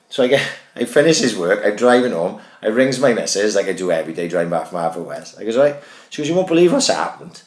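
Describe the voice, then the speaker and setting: A low-voiced man in his thirties tells a rambling, foul-mouthed story to his podcast co-host. He talks in a lively, conversational way, full of "right?" and swearing. The sound is roomy and echoey. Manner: sweary, animated anecdote-telling. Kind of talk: casual chat, storytelling.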